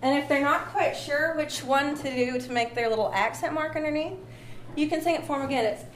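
During a music lesson, a woman with a high, brisk voice teaches patiently and encouragingly, sometimes singing short phrases to demonstrate. The room is echoey with faint ambient noise.

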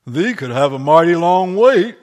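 A man's voice: high voice, big pitch swings, moderate pace, pitched above the performer's own voice. A man voicing a kindly older Quaker miller who talks in a folksy, considered way, in a room with a long echo. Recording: echoey room with long reverb.

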